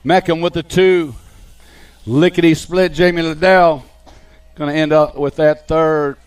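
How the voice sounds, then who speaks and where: A man giving live BMX race commentary, calling riders and positions in an excited play-by-play. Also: fairly high pitch, unhurried, clean tone. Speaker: race announcer.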